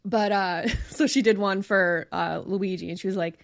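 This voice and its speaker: A woman co-hosting a podcast, chatting casually with drawn-out words and frequent fillers. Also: medium pitch, steady tone, creaky. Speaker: podcast co-host. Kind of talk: casual chat.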